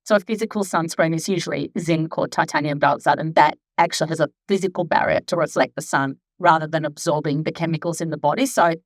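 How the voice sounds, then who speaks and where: A woman's voice: low-pitched, fast, few pauses, no room sound. A chatty woman in her fifties, a skin therapist talking casually at a live event, rambling with many asides. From Australia. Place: clinic event room.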